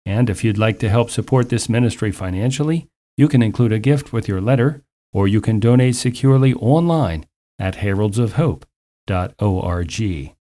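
Man doing a radio ministry spot, calm earnest storytelling, warm dark voice. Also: lowish voice, moderate pace. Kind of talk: scripted radio ministry narration.

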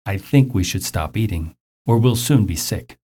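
A man's voice: fairly low pitch, lively intonation, moderate pace, mellow, breathy edge. A man reading as a sensible storybook frog. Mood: earnest.

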